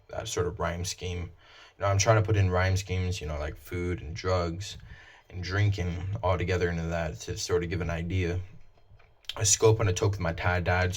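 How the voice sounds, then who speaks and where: A man casually explaining his own song lyrics in a flat, low-emotion way, with many fillers.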